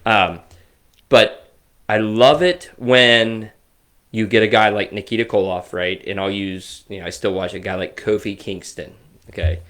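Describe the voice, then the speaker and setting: A man in his forties co-hosting a casual podcast, telling rambling, animated stories. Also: fairly low pitch, a little slow. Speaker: co-host. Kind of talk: casual chat.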